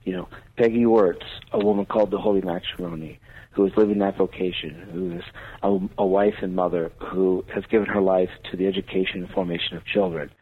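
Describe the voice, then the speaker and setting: A man's voice: sits low, fairly even intonation, brisk, slightly rough. A man, a priest, talking earnestly on a radio talk show with a preaching cadence. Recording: tinny phone-line radio audio.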